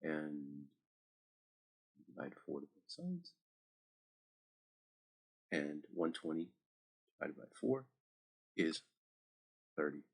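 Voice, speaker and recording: Low husky-voiced male math teacher. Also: fairly bright tone. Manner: chatty, talks directly to students with asides. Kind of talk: screen-recorded math lesson.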